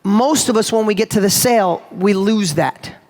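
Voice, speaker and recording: A man giving an energetic, emphatic motivational talk live to an audience, speaking to the crowd directly. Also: high-pitched, normal speed. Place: large event hall before a live audience.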